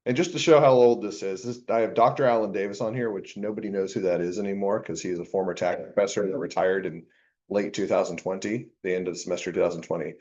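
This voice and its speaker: A lower-pitched man lecturing a college class, talking casually and cracking jokes with the room between points. The recording is dull and muffled, like a cheap classroom capture. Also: fast, darkish tone. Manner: joking, chatty, self-deprecating asides. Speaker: university accounting professor.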